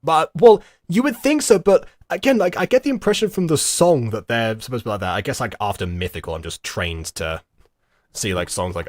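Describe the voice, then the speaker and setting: A young man giving rambling, halting reaction commentary with lots of fillers and giggles. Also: medium pitch, expressive, no room sound, clean studio sound. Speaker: streamer reacting to a video.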